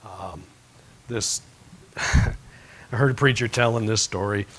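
A man preaching a sermon as pastor, telling a story that swings from hushed to loud. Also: lowish voice, takes it slowly, slight background noise, rough recording.

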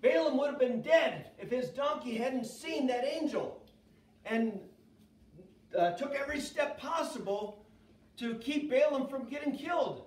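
A man's voice: extremely high pitch, a little slow. A man teaching children's church, telling a Bible story with energy and asking the kids questions. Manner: lively, asks kids questions. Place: church kids' room. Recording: echoey room, far from mic, faint noise.

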